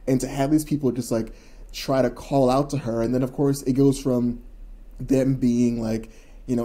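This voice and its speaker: A man's voice: mid-range voice, fairly even intonation, brisk, warm tone. A man co-hosting a podcast, talking in a loose, rambling, enthusiastic way with lots of fillers. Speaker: podcast co-host. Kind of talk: casual chat.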